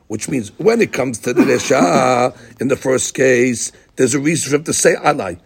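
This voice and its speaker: A man's voice: mid-range voice, normal speed, creaky, breathy edge. A man teaching a Talmud study lesson, explaining the text line by line and acting out the speakers' words.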